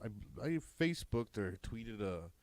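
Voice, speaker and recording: A man's voice: lowish voice, sing-song, a little slow, dry recording. Laid-back slangy man on a podcast. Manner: laid-back, slangy, swears, keeps saying man and dude. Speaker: podcast co-host. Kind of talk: casual chat.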